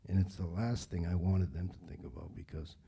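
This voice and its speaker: A man speaks in a low, dark, husky voice. He answers questions in an easygoing, rambling way, full of fillers and restarts. It is casual panel talk. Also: brisk. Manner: relaxed, rambling, frequent fillers. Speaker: director answering audience questions.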